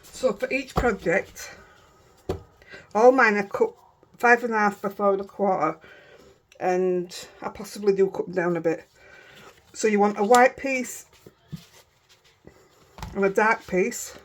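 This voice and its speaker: A woman's voice: mid-range voice, a little slow, pauses often, a little hiss or hum. Yorkshire woman, craft vlogger, casual rambling chat, breaks off and restarts often. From Yorkshire, England. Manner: chatty, rambling, self-interrupting.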